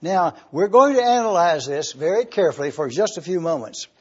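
Male preacher, high husky voice, measured delivery, muffled lo-fi recording. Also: expressive. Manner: deliberate, spells out Greek words letter by letter. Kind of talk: slow expository sermon. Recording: dull lo-fi church recording.

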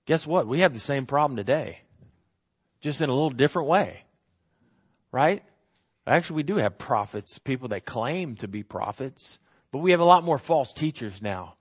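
A man's voice: medium pitch, expressive, moderate pace, breathy edge. Emphatic male preacher, lo-fi sound. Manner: repetitive emphatic preaching with frequent tag questions. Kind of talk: sermon.

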